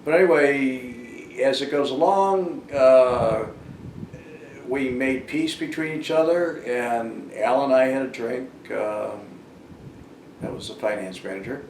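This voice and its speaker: A man's voice: medium pitch, slow, darkish tone. Older man telling a rambling story. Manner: rambling, many fillers and restarts. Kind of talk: casual storytelling monologue. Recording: roomy and noisy, far from the mic.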